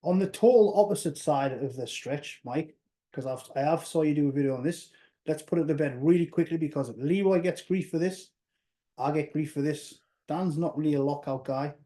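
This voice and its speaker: A man with a slightly higher, mellow and warm tone moves the chat to a new topic. He talks casually and loosely. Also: normal speed. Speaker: podcast co-host.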